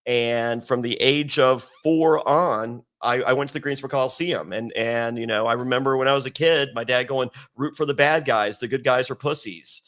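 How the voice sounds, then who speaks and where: A man from Virginia telling stories as an interview guest, swearing a lot and acting out quoted lines in a raised, excited voice. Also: medium pitch, normal speed, hardly any pauses. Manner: animated, acts out quotes in raised voice, heavy swearing. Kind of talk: casual storytelling with profanity.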